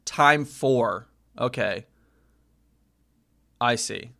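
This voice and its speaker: Drawing out his words, a man from the United States talks in a gravelly, medium-pitched voice that sounds pushed and bright. He's live-streaming casual language practice, repeating phrases and correcting himself as he thinks aloud.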